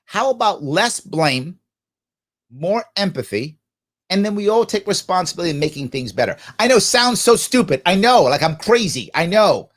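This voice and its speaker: A man's voice: high voice, normal speed. A man hosting a live talk show, reading viewer comments aloud and answering them emphatically, often posing questions and answering them himself. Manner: animated, jokey asides. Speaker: political talk show host.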